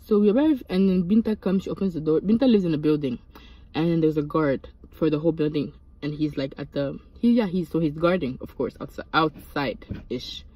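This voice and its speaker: A young woman, casually telling a storytime and switching into high, animated quoted voices. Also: fairly quick, lo-fi sound. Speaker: vlogger.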